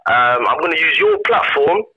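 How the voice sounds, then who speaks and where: A young man calling in by phone, loud and agitated, saying "G" constantly. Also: a little high, normal speed. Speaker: caller. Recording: phone line.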